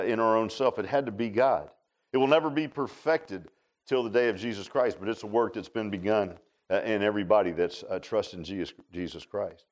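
A man's voice: lowish voice, darkish tone. A man preaching a sermon as pastor, in a folksy, conversational way, repeating phrases and calling people "man".

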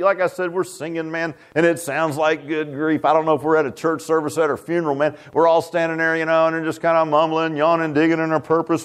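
A man delivers a sermon in a folksy, emphatic way. His voice sits somewhat high and rises and drops sharply as he drives his points home. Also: clear, resonant tone. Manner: folksy, emphatic, dramatic swings in pitch. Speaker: preacher.

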